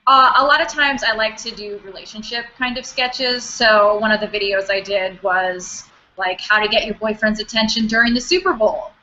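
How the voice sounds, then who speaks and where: A woman's voice: mid-range voice, normal speed, hardly any pauses, bright, forceful tone, highs cut off, slight background noise. A woman guest in a casual chat, giggly and chatty, saying "like" a lot.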